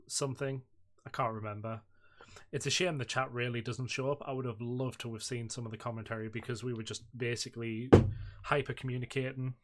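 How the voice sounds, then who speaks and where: A young man in relaxed, casual commentary over his own gameplay, thinking aloud with plenty of "uh" and "like". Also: mid-range voice, slight background noise. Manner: relaxed, reflective, says "uh" and "like" often. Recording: loud game music behind voice. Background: loud game music and game announcer.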